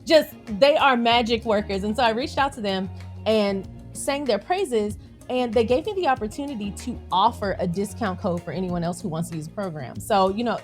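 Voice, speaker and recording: A woman with a Southern country accent, hosting a casual vlog in a chatty, animated way, with soft music playing behind her. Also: medium pitch. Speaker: YouTube channel host.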